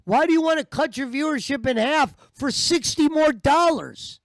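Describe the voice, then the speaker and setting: A man's voice: very high-pitched, moderate pace, no room sound, clean studio sound. A man giving heated, profane, mocking commentary over stream clips. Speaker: commentary host.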